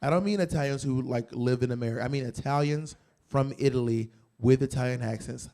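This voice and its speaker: A man's voice: medium pitch, brisk. Brash stand-up comic man. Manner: brash, boastful and blunt, with sudden loud jumps. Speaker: stand-up comedian. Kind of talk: stand-up comedy with audience Q&A. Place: comedy club in San Diego.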